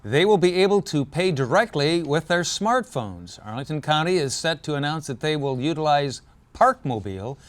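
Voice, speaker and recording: A man hosting a community news show, reading stories in a relaxed, joking way with fillers and self-corrections, and losing his voice. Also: fairly high pitch, normal speed.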